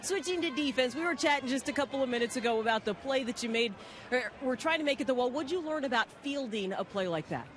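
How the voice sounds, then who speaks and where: A woman's voice: high voice, animated, fast. A woman reporter doing a cheerful postgame interview with a player. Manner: cheerful, chatty. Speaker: sideline reporter.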